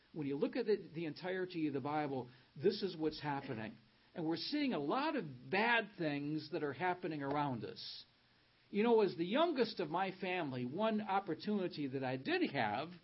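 Emphatic high-voiced man preaching. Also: breathy edge. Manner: emphatic, rising on key words, reads scripture aloud. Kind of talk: sermon. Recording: dull lo-fi sound.

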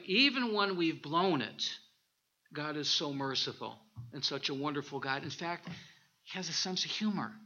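A man, a minister, preaching a sermon with animated storytelling and scripture reading, on a dull lo-fi recording. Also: sits high.

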